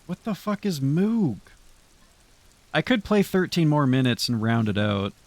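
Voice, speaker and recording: A man's voice: fairly high pitch, big pitch swings, a little slow, a little mellow, no room sound. Casual swearing male streamer. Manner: loose, rambling, swears freely, talks to chat. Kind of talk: casual stream sign-off chat to viewers.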